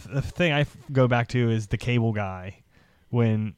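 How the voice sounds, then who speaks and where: A man's voice: medium pitch, clean tone, no echo. A man hosting a podcast, chatting casually and laughing often as he recalls favorite comedy scenes. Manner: excitable, laughs often, does quick impressions. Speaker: podcast host. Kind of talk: casual chat.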